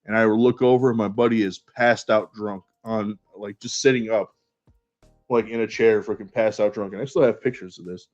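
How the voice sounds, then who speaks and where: A man's voice: medium pitch, a little mellow. A young man rambling through a party story in casual chat, swearing and laughing as he goes. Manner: rambling, profane, laughs between lines. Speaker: podcast co-host. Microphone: remote stream call. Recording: dull lo-fi stream audio.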